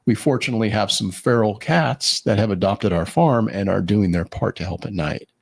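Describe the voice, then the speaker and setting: A man with a low, gravelly voice and a husky edge. He talks through casual stories in a loose, rambling way, full of fillers and restarts. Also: normal speed. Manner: rambling storyteller with many fillers. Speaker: podcast co-host. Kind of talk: casual chat.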